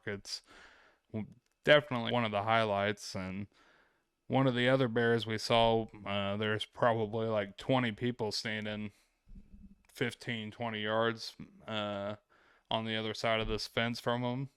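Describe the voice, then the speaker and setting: A man's voice: on the low side, a bit bright, clean tone, no echo, clean studio sound. A man hosting a vlog, telling travel stories in a laid-back, rambling way and swearing freely. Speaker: vlog host. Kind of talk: casual travel storytelling.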